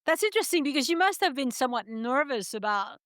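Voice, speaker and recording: A woman hosts a podcast interview, reacting to her guest in a frank, matter-of-fact way. Her voice sits a little high and sounds smooth and clear. The recording is dry, with no room sound. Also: big pitch swings, fast, fairly bright tone, no room sound. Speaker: podcast host. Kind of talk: casual interview chat.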